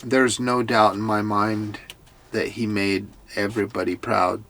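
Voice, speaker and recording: A man's voice: on the low side, little pitch movement, measured pace, a bit bright, slight background noise. A man giving a casual recap of a TV episode, in an earnest, heartfelt way that sometimes stumbles over repeated words. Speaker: TV show commentator.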